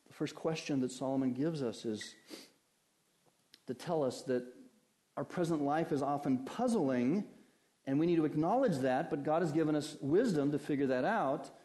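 A man delivers a sermon in a warm, relaxed tone, his voice sitting a bit higher than most. He moves from scripture to everyday stories, asking his listeners one rhetorical question after another. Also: moderate pace. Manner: conversational preaching with lively anecdotes and rhetorical questions. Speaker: pastor.

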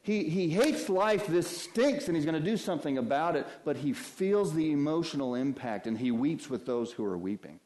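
A man preaching a sermon in an earnest, preacherly way, dropping to hushed lows and rising to loud impassioned highs. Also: lively intonation, moderate pace, few pauses. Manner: earnest, preacherly, addresses listeners as beloved.

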